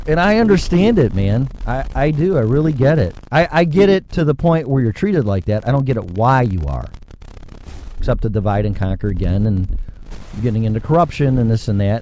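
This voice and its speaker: A man's voice: medium pitch, lively intonation, fairly quick, warm tone, slight background noise. A man hosting his own talk show, ranting alone in a blunt, profane way, often repeating words and restarting sentences, and growing heated and emphatic at times. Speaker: podcast host. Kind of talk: casual ranting monologue.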